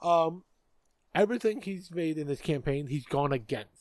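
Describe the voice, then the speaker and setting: A man's voice: a little high, expressive, moderate pace, dry recording. A man co-hosting a podcast in casual political chat, blunt and profane, often stumbling over repeated words. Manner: blunt, profane, stammers on restarts. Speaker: podcast co-host.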